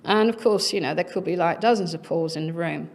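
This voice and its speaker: A woman's voice: lowish voice, a little fast, creaky. A middle-aged woman speaking at a conference, telling a personal anecdote in a chatty way with many fillers and acted-out quotes. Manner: chatty, frequent fillers, acts out quoted voices.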